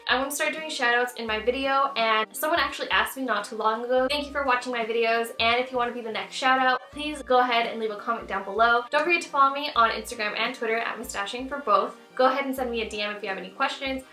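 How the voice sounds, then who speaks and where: A woman's voice: fairly high pitch, bright, forceful tone, reverberant, recorded from a distance. A young woman hosting a friendly tutorial vlog, talking straight to her viewers. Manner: friendly, addresses viewers directly. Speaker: YouTube tutorial host.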